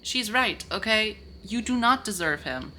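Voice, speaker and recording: A woman reacting to a romance novel in a casual book vlog, animated and outspoken, swearing freely. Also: medium pitch, unhurried, slight background noise. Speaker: book vlogger.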